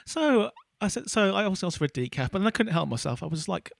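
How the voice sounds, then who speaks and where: This podcast co-host chats casually, rambling with lots of restarts and fillers. His voice is high-pitched, sing-song and gravelly, he talks fast, and the recording is dry.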